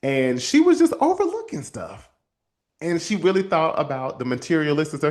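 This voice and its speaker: A man hosting a show and telling a story from his counseling work in a lively, casual way, calling his listeners y'all. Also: on the high side, moderate pace. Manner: animated, addresses listeners as y'all, acts out quotes. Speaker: host and counselor.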